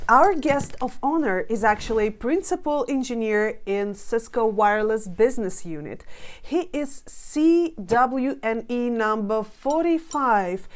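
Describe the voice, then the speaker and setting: A woman co-hosting a podcast, giving upbeat introductions. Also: on the high side. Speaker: co-host.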